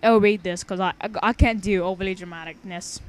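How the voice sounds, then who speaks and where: A woman's voice: medium pitch, steady tone, a little fast. A young woman casually reading her own story aloud, chatting and rambling with frequent stumbles and restarts. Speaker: story reader.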